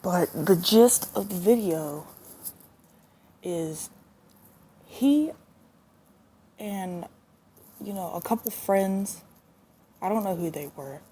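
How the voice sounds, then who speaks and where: A woman's voice: lowish voice, slow pace, long pauses, warm tone, slight background noise. A young woman ranting indignantly into her phone, swearing and repeating herself as she talks. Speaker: vlogger. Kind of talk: angry casual rant.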